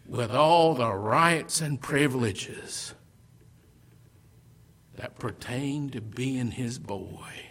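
A man preaching a sermon, swinging between loud declarations and hushed, almost whispered lines, with slow, deliberate phrasing. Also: mid-range voice.

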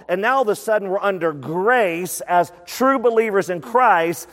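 A man preaching a sermon as a pastor, lively and conversational, repeating words for emphasis. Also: high-pitched, normal speed, few pauses. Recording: long reverb of a large hall.

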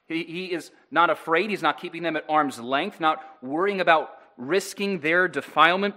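A man's voice: on the high side, pushed and bright. Earnest preaching pastor, a man. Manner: earnest preaching with rhetorical questions to the congregation. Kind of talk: sermon.

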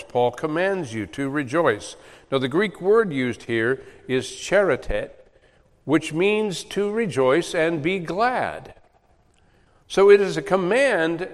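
A man preaching a sermon as pastor, teaching earnestly and posing questions that he then answers. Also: medium pitch. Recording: long hall reverb.

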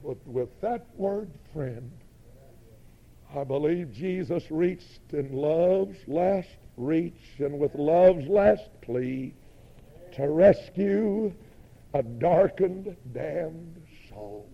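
A man preaching a sermon in an impassioned way, building up to shouts. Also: on the high side, animated, extremely slow, gravelly, lo-fi sound.

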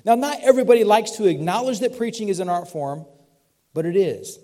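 Southern-ish pastor guy preaching in church, kinda high voice, soft mellow tone, folksy asides. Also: expressive, fairly quick. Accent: mixed Southern US. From Southern United States. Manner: conversational preaching with light asides and laughs. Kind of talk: sermon. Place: church sanctuary.

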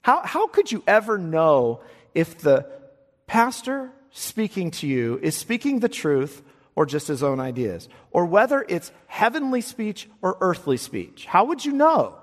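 A male pastor with a fairly high voice preaches emphatically, doubling up words when he drives a point home. His voice rings out with a long reverb tail, as in a church sanctuary. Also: very animated, measured pace. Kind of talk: sermon.

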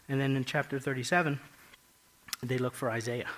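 Bright-voiced preacher man, hushed to loud. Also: mid-range voice, steady tone, brisk, pauses often, a little hiss or hum, poor audio. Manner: emphatic, swings between hushed and loud; repeats phrases for emphasis. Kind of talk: sermon.

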